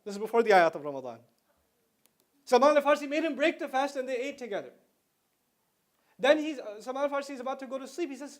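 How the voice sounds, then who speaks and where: A man's voice: very high voice, expressive, fast talker, long pauses. A middle-aged man giving a religious lecture to students in a conversational way, explaining terms and slipping into slang. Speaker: Islamic lecturer.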